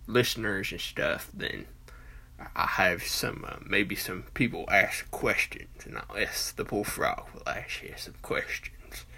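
A man's voice: deep voice, animated, measured pace, gravelly, sharp tone. Folksy Southern man in his forties. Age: 40s. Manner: rambling, hesitant, with many fillers and restarts; folksy country talk. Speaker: podcast host. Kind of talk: casual rambling monologue.

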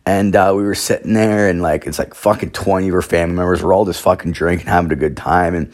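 A man's voice: deep voice, steady tone, fast talker. A man hosting a podcast, telling stories in a rambling, profane way full of fillers. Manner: profane, filler-heavy, with frequent "like". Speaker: podcast host. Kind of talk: rambling casual storytelling.

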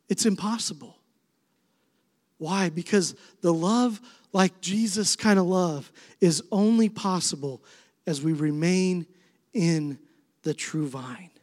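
A middle-aged man preaching a sermon as pastor, swinging between soft, tender passages and emphatic, rising appeals. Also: high voice, slow. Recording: long reverb of a large hall.

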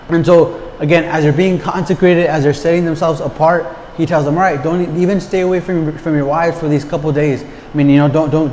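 A man's voice: fairly high pitch, darkish tone. A man preaching a conversational sermon, often repeating words and asking the listeners rhetorical questions. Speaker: pastor. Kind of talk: casual sermon. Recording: long hall reverb, faint background noise.

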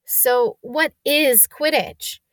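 Lady reading quiet curious kid, kinda glum, dry close sound. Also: high voice, drawn-out words, dry recording, voice pushed up, full character voice. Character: shy, curious young boy. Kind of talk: read-aloud storybook voice.

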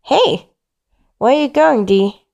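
A woman voicing a puzzled, worried young village man who calls out loudly to someone walking away. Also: high-pitched, expressive, takes it slowly, gravelly, pitched above the performer's own voice, heavily acted. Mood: pleading. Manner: calls out loudly over the wind.

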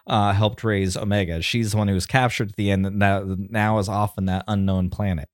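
A man in his thirties chatting casually as a podcast co-host, campy and animated, slipping into squealed voices. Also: lowish voice, a little fast, no room sound, clean studio sound. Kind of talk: casual chat.

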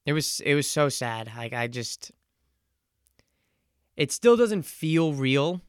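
Smooth-voiced young man, earnest and reflective. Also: on the high side, big pitch swings, slow, dry recording, studio quality. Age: 20s. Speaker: podcast host. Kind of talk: casual solo podcast monologue.

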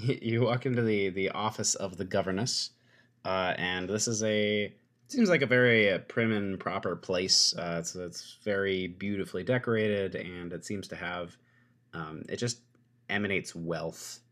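A man narrating as game master with a dry, deadpan humor. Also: deep voice, unhurried.

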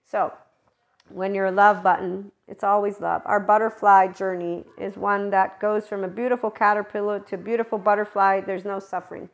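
Woman, spiritual monologue, animated, emphatic, middle pitch. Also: moderate pace. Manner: animated, emphatic, acts out quoted voices. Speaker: spiritual vlogger.

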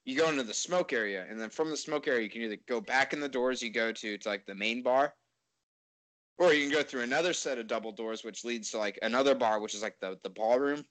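A man's voice: medium pitch, quick pace, a bit bright, rough recording. A man in casual storytelling chat, rambling and laid-back, swearing and laughing at himself.

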